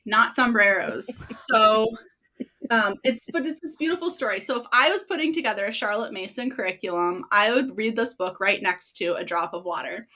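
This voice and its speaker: A woman's voice: on the high side, brisk, sharp tone. Giggly woman podcast host. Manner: giggly, gushing, breaks into laughter. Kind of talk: casual chat about books.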